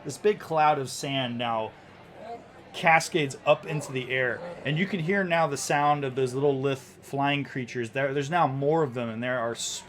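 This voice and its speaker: A man in the game master's seat paints a chaotic tavern brawl in lively, descriptive narration. His voice sits in an ordinary middle register, and he often stops and restarts a phrase. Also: mid-range voice, normal speed, a little hiss or hum.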